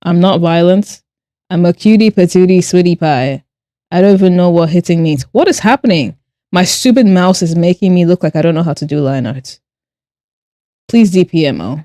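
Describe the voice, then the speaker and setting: A woman's voice: lowish voice, moderate pace, dark tone, dry recording, studio quality. A woman art streamer who chats casually while she draws. She reads her chat aloud, answers with playful sarcasm and laughs often.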